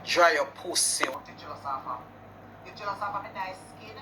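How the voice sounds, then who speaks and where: A woman's voice: lowish voice, expressive, normal speed, noisy background. A woman with a Jamaican accent in an angry rant video, cursing and confrontational in patois. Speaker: business owner in a posted clip.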